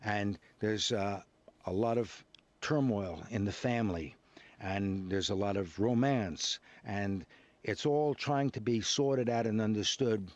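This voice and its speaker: An older man with a lowish voice and a Brooklyn accent worn down into something transatlantic. He chats easily as a radio guest, rambling through stories and sprinkling in "you know.". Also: a little slow, no room sound. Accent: Brooklyn accent softened by years in Britain, transatlantic. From Brooklyn, New York. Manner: chatty and anecdotal, with frequent "you know" and laughs. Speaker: actor, interview guest. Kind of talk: relaxed radio interview chat.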